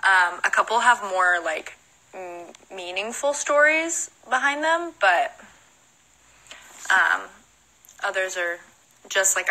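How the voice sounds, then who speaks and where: A woman's voice: on the low side, pushed and bright, rough recording. A young woman with a Southern American accent, chatting on a livestream, reading out fan questions and answering them with frequent giggles. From Southern United States. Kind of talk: casual livestream Q&A. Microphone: phone.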